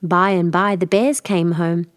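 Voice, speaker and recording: Woman narrating a fairy tale clearly. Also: lowish voice, fairly even intonation, unhurried, no room sound, studio quality. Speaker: storyteller. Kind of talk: storybook narration for learners.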